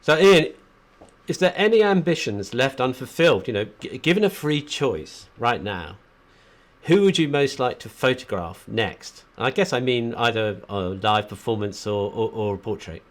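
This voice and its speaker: A man hosting an interview, asking questions in a halting way as he searches for words. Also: medium pitch, animated. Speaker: podcast host.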